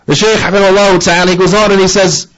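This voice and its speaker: A man's voice: high voice, level tone, quick pace, fairly bright tone, poor audio. A man giving a sermon-style lesson, emphatic and repetitive, often checking in with his listeners with rhetorical questions. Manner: emphatic, repeats key phrases, asks listeners rhetorical questions. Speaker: religious teacher.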